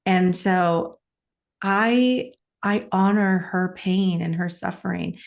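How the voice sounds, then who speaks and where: Earnest middle-aged woman with a lowish voice. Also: steady tone, takes it slowly, creaky. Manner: earnest, emotional, reflective storytelling with frequent laughs. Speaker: podcast co-host. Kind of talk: personal storytelling in a conversational podcast.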